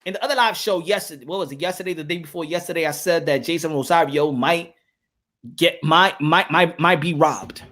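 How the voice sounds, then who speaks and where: Male live-stream host, high bright voice, playful chat with lots of repeats. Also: fairly quick. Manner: playful, joking, repeats himself. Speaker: boxing podcast host.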